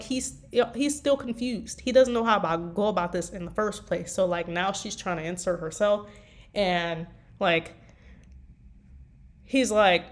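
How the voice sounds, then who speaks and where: A tired woman chatting casually about writing her fanfiction, rambling with lots of fillers. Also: mid-range voice. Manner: rambling, meandering with many fillers. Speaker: fanfiction writer. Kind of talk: casual chat.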